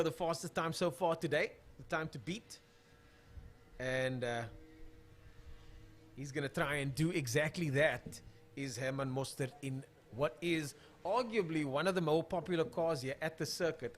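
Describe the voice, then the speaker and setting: A man calls a drag racing event live on a stream, talking loosely and thinking out loud. He fills the pauses with easy chatter while he searches for drivers' names, and his voice sits a little higher than most men's. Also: a little hiss or hum.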